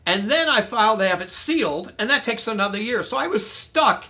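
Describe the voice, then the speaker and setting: A man's voice: high voice, expressive, a little fast, bright, forceful tone. A man from the United States telling his own story bluntly and angrily, swearing a lot and acting out the dialogue. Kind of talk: angry personal storytelling.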